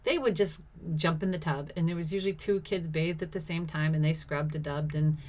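A woman's voice: sits low, steady tone, a little fast, darkish tone, slight background noise. A middle-aged woman telling a personal story in a casual monologue, laughing often and exclaiming as she acts out what people said.

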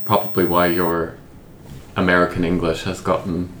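A man's voice: deep voice, moderate pace. A man co-hosting a podcast, telling stories in casual chat and laughing often. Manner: relaxed storyteller, laughs often. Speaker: podcast co-host. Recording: echoey room with faint noise.

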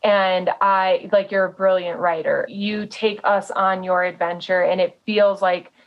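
A woman's voice: mid-range voice, little pitch movement, measured pace. An effusive woman hosts a casual podcast, gushing thanks and affirmations with plenty of fillers. Her voice sits in a middle range, and the recording is a little dull and lo-fi. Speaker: podcast host.

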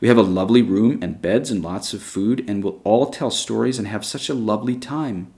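A man reading a story aloud, voicing a gentle, persuasive female schoolteacher who speaks softly and coaxingly. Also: on the low side, brisk, natural voice.

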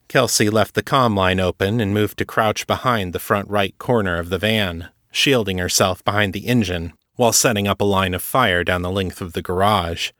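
A man narrating a serialized fiction story in a steady, even manner. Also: low-pitched, normal speed, hardly any pauses, dry recording, clean studio sound. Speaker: audiobook narrator.

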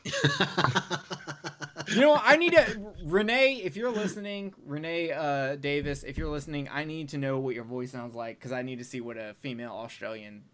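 A man's voice: mid-range voice, normal speed, a bit bright, slight background noise. A man hosting a podcast in casual chat, loose and profane with lots of filler words. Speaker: podcast host.

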